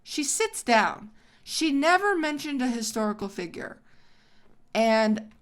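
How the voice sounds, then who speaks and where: A woman hosting a gaming video, telling a story in a casual way while she plays and breaks off into excited exclamations. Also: fairly high pitch, takes it slowly.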